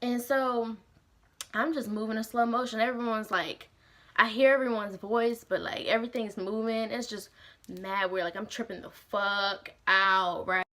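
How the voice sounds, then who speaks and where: Bright-voiced young woman telling a story. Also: a little high, normal speed. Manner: animated, slangy and profane, heavy use of "like". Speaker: vlogger. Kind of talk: casual storytime vlog.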